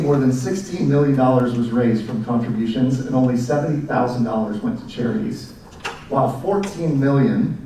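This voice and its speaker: A man, giving a speech to educators as a presenter in a relaxed storytelling manner with fillers. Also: medium pitch, slight background noise. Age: 40s. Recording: echoey room, mic at a distance.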